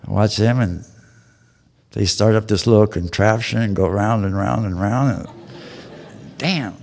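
A man in his fifties delivers a personal testimony at a recovery meeting. His voice sits low, and his storytelling is folksy and full of plain slang. The talk is captured live, with a long reverb from the hall around it. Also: steady tone, moderate pace, vocal fry, a little mellow.

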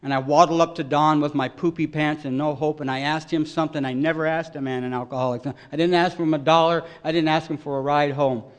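A man giving an earnest, emotional personal testimony at a recovery meeting, voice swelling loud at its peaks. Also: on the high side, fairly even intonation, fairly quick, few pauses, clear, resonant tone.

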